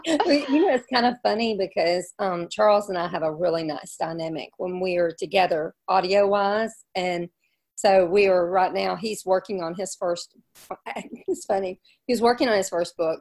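A woman chatting casually as a podcast guest, talkative and quick to laugh. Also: on the low side, gravelly, darkish tone. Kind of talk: casual chat.

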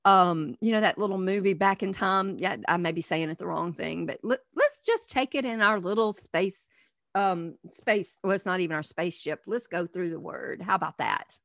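A middle-aged woman minister giving an earnest teaching sermon, asking many rhetorical questions and swinging from soft to emphatic. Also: lowish voice, lively intonation, moderate pace, gravelly, no echo, clean studio sound.

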